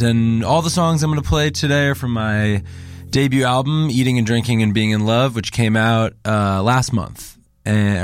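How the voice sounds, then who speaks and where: A man from New York, a musician guest on a college radio show, talking in a chatty, enthusiastic, rambling way into a close studio mic. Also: fairly low pitch. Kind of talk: casual chat.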